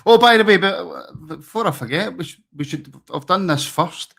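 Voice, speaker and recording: A man's voice: sits high, lively intonation, normal speed, creaky, fairly bright tone. A Scottish man hosting a football phone-in, chatting in a friendly and agreeable way with callers. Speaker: phone-in host. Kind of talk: casual phone-in chat.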